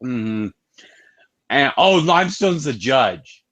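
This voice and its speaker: A man's voice: mid-range voice, very animated, slow, a bit bright. A man co-hosting a casual review show, recapping an episode with wry asides. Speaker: show co-host.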